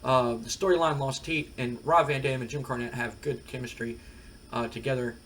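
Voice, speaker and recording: A man's voice: medium pitch, normal speed, a little hiss or hum. A man casually talking through a wrestling management game for his channel, rambling with lots of fillers. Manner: rambling, relaxed, many fillers. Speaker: gaming video creator.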